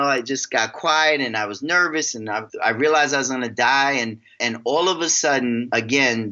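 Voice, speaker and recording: A man from New York, a guest coach on a podcast, telling an animated story and repeating words as he gets excited. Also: lowish voice, dull audio.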